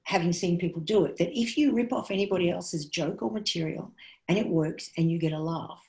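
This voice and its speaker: A woman's voice: lowish voice, darkish tone. A woman comedian, teaching comedy writing in a chatty, frank way with many restarts. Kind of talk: casual talk to a class. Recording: roomy echo.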